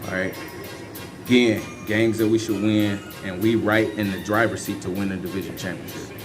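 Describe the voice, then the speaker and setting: A man's voice: fairly low pitch, steady tone, normal speed. A man, giving loose, rambling and emphatic fan commentary on his team. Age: 50s. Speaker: sports fan vlogger. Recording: faint music underneath.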